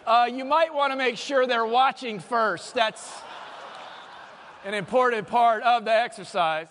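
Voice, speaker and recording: A man giving a motivational keynote speech, energetic and humorous, leading the audience through exercises from the stage. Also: very high-pitched, a little slow, a little hiss or hum. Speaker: keynote speaker. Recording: long hall reverb.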